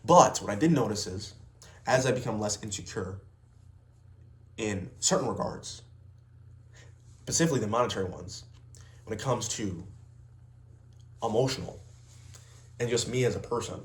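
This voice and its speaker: In an echoey room, a young man who works as a vlogger and salesman goes on an unplanned rant to camera, swearing a lot and stressing his words bluntly. His fairly low voice is animated, at a moderate pace with frequent pauses.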